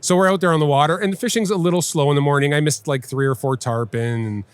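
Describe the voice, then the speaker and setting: A man, a well-known angler and TV host, talking in a casual live podcast chat with an animated, emphatic, instructive way of telling stories. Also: a little high, fast, clear, resonant tone. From Canada. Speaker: guest angler and TV personality. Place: busy fishing trade show floor.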